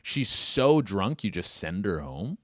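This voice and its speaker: Animated man riffing crudely on a podcast. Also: on the low side, slow pace, dry recording. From Canada. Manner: crude animated riffing, acts out both sides of scenes. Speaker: podcast host. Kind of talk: comedic podcast reading write-ins.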